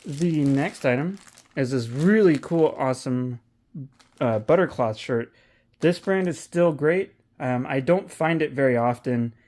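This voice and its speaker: A man's voice: mid-range voice, a little slow, darkish tone. A man talking casually as an online reseller, candid and profane, rambling with frequent restarts. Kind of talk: casual vlog commentary.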